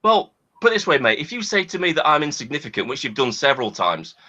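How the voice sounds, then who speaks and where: A man's voice: a little high, sing-song, fast, sharp tone, dull audio. A man angrily arguing on a video call, swearing and talking over the other person. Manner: angry, swearing, interrupting. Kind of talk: heated online argument.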